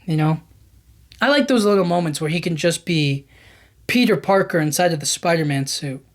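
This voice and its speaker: A young man talks through a movie's plot as a podcast host, in an easygoing, chatty way. He stumbles and restarts often and speeds up when the action gets exciting. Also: on the high side, moderate pace. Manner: animated retelling with many fillers and restarts. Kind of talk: casual film recap.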